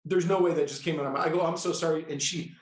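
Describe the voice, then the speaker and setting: A middle-aged man telling a personal story with excitable, animated energy, often breaking into quoted dialogue. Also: a little high, very fast. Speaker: guest, healer. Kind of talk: storytelling in a conversational interview. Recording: echoey room.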